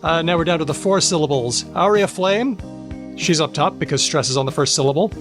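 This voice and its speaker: A man hosting a podcast in a playful, casual way, briskly reading out lists of names. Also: on the high side, music in the background. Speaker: podcast host.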